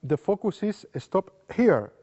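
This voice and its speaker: Teaching card magic in simple, repetitive, non-native English, a man performs example lines as if to a spectator. He speaks a little slowly in a high, sing-song voice with a dark tone, recorded with long reverb and dull lo-fi sound.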